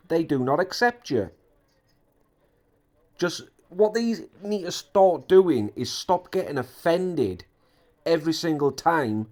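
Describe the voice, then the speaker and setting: A man's voice: a little high, a little mellow. A man giving indignant, repetitive ranting commentary on an online drama.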